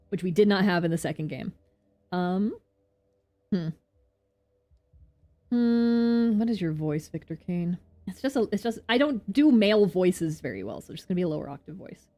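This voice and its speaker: A woman streamer chatting excitedly while playing a game. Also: lowish voice, moderate pace, long pauses.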